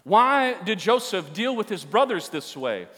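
Man preaching a sermon, high voice, long reverberant hall, emphatic. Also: very animated, measured pace. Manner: emphatic, rising to near-shouting at key points. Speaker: pastor. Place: church sanctuary with an audience.

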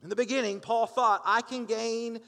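A middle-aged man preaching a sermon, lively and conversational, calling out for amens from the congregation. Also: very high voice, moderate pace. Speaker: pastor. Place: church sanctuary. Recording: long hall reverb.

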